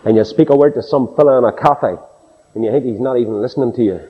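A man's voice: medium pitch, fast, breathy edge. A man preaching a sermon in a dramatic, emphatic way, acting out the people he quotes. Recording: dull recording with long hall reverb.

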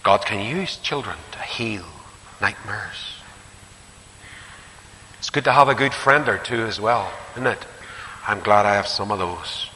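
A man's voice: on the low side, unhurried, pauses often, sharp tone. An older man with a Northern Irish accent preaching a sermon, telling stories with shifting emphasis. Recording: echoey hall with faint hiss.

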